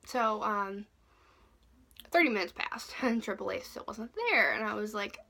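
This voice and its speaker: A young woman vlogger telling a storytime in a casual, animated way, swearing often and laughing between lines. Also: mid-range voice, moderate pace, gravelly.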